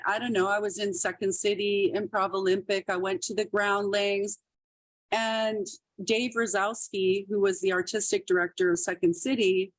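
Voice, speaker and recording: A woman's voice: mid-range voice, dry recording. A middle-aged woman comedian telling stories in a casual interview, laughing often and acting out quotes. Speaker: podcast guest, comedian.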